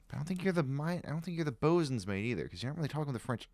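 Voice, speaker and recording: A man's voice: on the high side, very animated, very fast, a little mellow, no room sound. A man streaming a game live, thinking aloud in a musing, questioning way with frequent chuckles.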